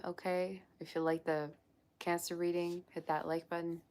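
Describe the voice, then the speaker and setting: A woman with a notably low voice hosts a live-streamed tarot reading. She talks in a chatty, effusive way and gushes over the cards as she reads them. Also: level tone, moderate pace, a little mellow. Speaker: tarot reader.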